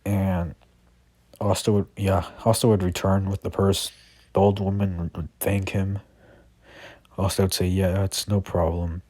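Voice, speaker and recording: A man's voice: low-pitched, flat delivery, unhurried, pauses often, a little mellow, dry recording. A man improvising a fan story, rambling with constant fillers and restarts.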